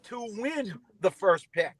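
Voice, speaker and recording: A man's voice: high-pitched, big pitch swings, slow pace, heavy background noise. A man from New York with a New York accent, calling in to a sports chat and talking in a hesitant, conversational way. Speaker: caller.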